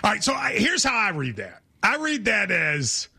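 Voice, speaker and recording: A man's voice: sits high, wildly swooping pitch, moderate pace, pushed and bright, breathy edge. A man from Kentucky hosting a sports talk show, chatty and wry.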